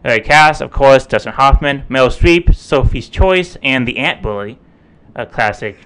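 A man's voice: medium pitch, measured pace, fairly bright tone, clean tone. A man co-hosting a podcast, chatty and playful, often laughing. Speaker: podcast co-host. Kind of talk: casual chat.

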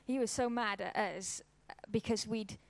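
A woman's voice: mid-range voice, a little slow, gravelly, no room sound. A woman, giving an informal church talk and telling a personal story in a casual, conversational way. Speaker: church speaker.

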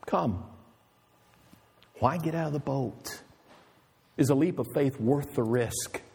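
A man's voice: medium pitch, measured pace, gravelly, mellow, husky, long reverb tail. A male pastor preaching an emphatic, storytelling sermon with rhetorical questions.

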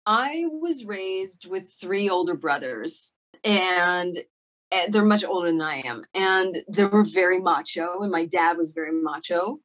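A woman's voice: on the low side, expressive, unhurried, a bit bright. A woman actor being interviewed, talking casually and reflectively, with many fillers and restarts. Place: Montreal.

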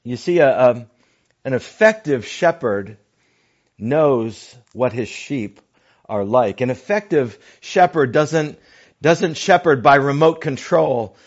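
A pastor preaching a sermon, slow and deliberate, often dropping his voice to a hushed near-whisper for emphasis. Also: mid-range voice, animated. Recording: dull lo-fi recording.

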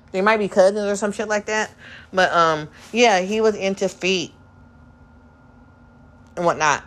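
A young woman talks on her own podcast in a loose, rambling way, full of slang and fillers. Her voice sits a little low, and now and then she slips into playful voices to mock other people. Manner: breaks into quick mocking voices of others. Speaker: podcast host. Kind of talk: candid solo podcast monologue.

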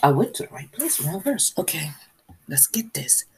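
A woman's voice: low voice, big pitch swings, normal speed, a little mellow, slight background noise. A woman preaching a sermon, emphatic and repetitive, stopping to search for verses aloud. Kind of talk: sermon teaching.

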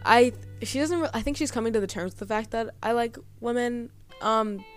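A woman's voice: on the high side, a little fast, faint music behind. A young woman hosting a podcast, telling a personal story in a rambling, hesitant way, full of fillers. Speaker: podcast host.

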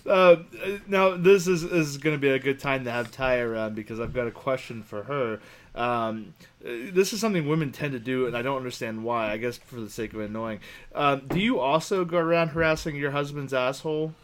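A man of average pitch co-hosting a podcast. He chats casually and teases the others with crude humor. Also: a little fast. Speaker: podcast co-host. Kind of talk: casual chat.

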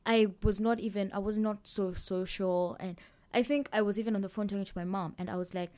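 A woman's voice: medium pitch, fairly even intonation, brisk, darkish tone. A young woman with a Kenyan accent talking openly about her own experiences in a casual podcast chat. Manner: open, personal, laughs while telling stories.

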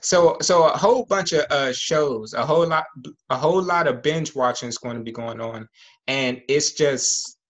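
A man co-hosting a podcast, chatting casually with relaxed, slangy opinions. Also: fairly high pitch, moderate pace. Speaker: podcast co-host. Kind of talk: casual chat.

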